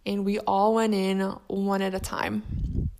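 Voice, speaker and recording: A young adult woman telling a personal story about grief in a soft, reflective, halting way. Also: medium pitch, little pitch movement, slight background noise.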